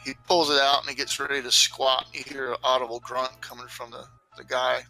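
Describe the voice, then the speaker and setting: A man's voice: medium pitch, monotone, brisk, vocal fry, sharp tone, faint music behind. A man narrating a tabletop game as game master, loose and rambling with many fillers.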